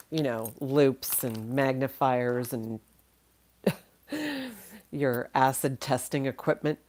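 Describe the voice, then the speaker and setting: A woman's voice: extremely low pitch, a little mellow, slight background noise. A woman running a casual live-stream auction, chatty and thinking aloud, laughing often and a little tired. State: tired, yawning.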